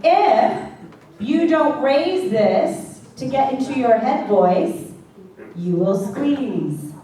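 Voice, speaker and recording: A woman vocal coach with a somewhat high voice teaches a singing class, chatty and checking in with her students often. She is picked up from across a very echoey room, with faint ambience behind her. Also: lively intonation, drawn-out words, warm tone, far from the mic. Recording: echoey classroom recorded from afar.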